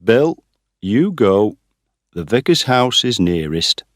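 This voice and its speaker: A man doing a brisk farmer father. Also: fairly low pitch, sing-song, dry recording, clean studio sound, pitched above the performer's own voice. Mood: commanding. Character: middle-aged farmer father, brisk and in charge.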